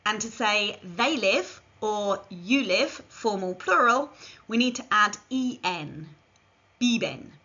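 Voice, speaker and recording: Slow, bright-voiced woman teaching a language. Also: mid-range voice, expressive. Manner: slow, careful modelling of phrases for learners to repeat. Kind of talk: scripted language lesson. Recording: dull lo-fi recording.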